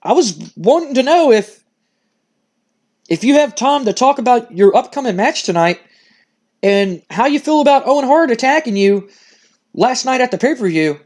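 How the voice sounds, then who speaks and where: A man's voice: extremely high pitch, sing-song, normal speed, long pauses, a little mellow. A man voicing a nervous male backstage interviewer who stammers and hesitates. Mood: hesitant.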